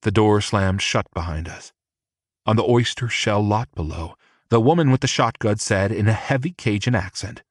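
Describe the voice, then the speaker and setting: Low-voiced man narrating an audiobook. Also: moderate pace, dry recording, clean studio sound. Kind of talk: first-person audiobook narration.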